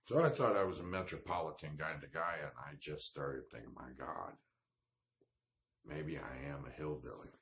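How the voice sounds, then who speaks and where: A man's voice: extremely low pitch, fairly bright tone. A man telling a rambling, self-deprecating story in a casual vlog, with lots of fillers. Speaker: vlogger.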